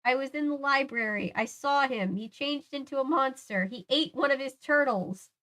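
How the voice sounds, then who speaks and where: A woman's voice: moderate pace, a bit bright. A woman reading as a frantic, breathless girl. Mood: panicked pleading. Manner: breathless, pleading, shrill. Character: frantic twelve-year-old girl, monster-story teller.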